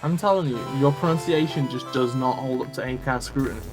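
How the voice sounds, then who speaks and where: A man's voice: mid-range voice, quick pace, over music. A man streaming a game, chatting casually and teasing his partner, swearing freely. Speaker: streamer, host. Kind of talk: casual gameplay chat.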